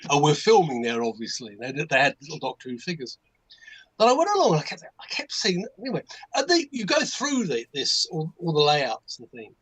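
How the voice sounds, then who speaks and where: An older man with an English accent tells a meandering story in a casual chat. His voice sits a bit high. He keeps breaking off into asides and restarting his sentences. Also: very animated, brisk, fairly bright tone, slightly rough, poor audio. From England. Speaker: guest modelmaker. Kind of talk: casual anecdote on a livestream.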